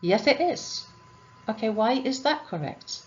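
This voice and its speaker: A woman English teacher patiently works through grammar exercises, posing questions and then answering them herself. Her voice is a little high and expressive, and she speaks a little slowly. The sound is lo-fi.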